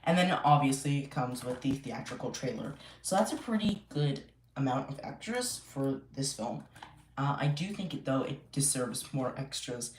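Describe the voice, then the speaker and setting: A man's voice: medium pitch, expressive, normal speed. Rambling man on a live stream. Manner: rambling, many fillers and restarts. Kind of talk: casual live stream chat. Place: home room. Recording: echoey room, faint noise.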